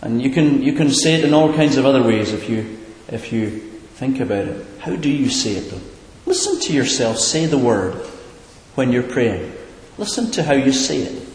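A man's voice: mid-range voice, very animated, moderate pace, darkish tone. A man preaching a sermon in an earnest, questioning way, sometimes repeating a word as he searches for the next, heard in an echoing hall. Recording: echoey hall, far from the mic.

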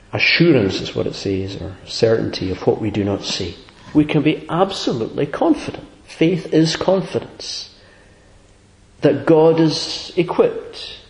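A man's voice: mid-range voice, darkish tone. A man preaching a sermon in an earnest, conversational way, with sudden emphatic rises. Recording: echoey room.

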